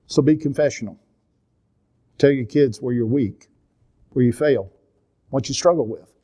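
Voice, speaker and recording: A minister and counselor in his sixties teaches a church seminar in a Southern drawl, his tone earnest and confessional as he shares stories of his own family. His middle-pitched voice is dark in tone and a little slow.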